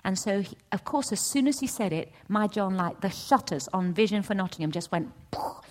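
A middle-aged woman giving a testimony at a church session, storytelling with lively acted-out dialogue. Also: fairly quick. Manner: animated storytelling, acts out voices with big pitch jumps. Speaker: church speaker. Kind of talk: testimony sermon.

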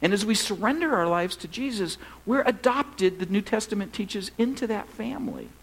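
A middle-aged man preaching as a pastor, telling funny stories in a relaxed, conversational way. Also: sits high, normal speed, creaky, slightly rough, rough recording. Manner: conversational, humorous storytelling. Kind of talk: sermon.

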